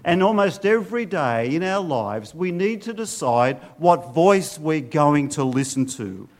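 Middle-aged male pastor, earnest preacher, slightly high voice with a wide, lively range. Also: unhurried. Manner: earnest preaching with rhetorical questions. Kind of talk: sermon.

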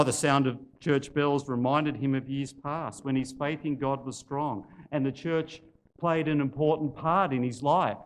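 A man preaching a sermon, telling a story and then making emphatic, forceful appeals to the congregation. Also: a little high.

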